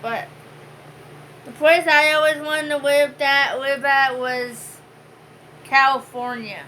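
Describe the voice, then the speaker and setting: A woman's voice: sits high, fairly even intonation, slow, sharp tone, a little hiss or hum, rough recording. A woman co-hosting a home vlog, chatting casually and rambling with many fillers. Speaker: vlog co-host. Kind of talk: casual chat.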